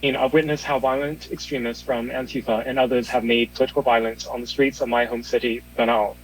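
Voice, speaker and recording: A man delivers formal prepared testimony, reading quickly from a statement. The clip carries a faint hum underneath. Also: medium pitch, little pitch movement, low-quality recording. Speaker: journalist testifying.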